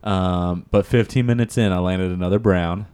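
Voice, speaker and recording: Male, low-pitched, rambling storyteller for casual podcast talk. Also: fairly even intonation, moderate pace, a little mellow, clear, resonant tone. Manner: rambling storyteller, lots of fillers and "he's like". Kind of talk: casual chat.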